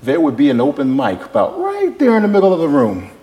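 Male preacher, folksy storyteller, big dynamic swings between shout and hush, bright animated pitch. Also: fast talker, highs cut off. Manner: animated, swinging from shouted scripture to near-whispered asides. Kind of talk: sermon.

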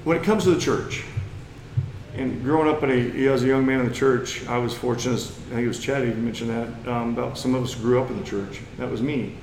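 A man's voice: mid-range voice, steady tone, brisk, darkish tone, echoey room, a little hiss or hum, low-quality recording. A man from Missouri with a Missouri accent, preaching a lesson in a plain-spoken, folksy way that climbs into emphatic bursts. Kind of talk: sermon lesson.

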